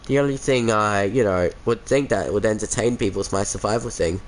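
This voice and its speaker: A brisk Australian man with a fairly low voice chats casually with his game-stream viewers over a headset mic, which carries a little hiss or hum. He's laid-back and chuckly, calling everyone mate.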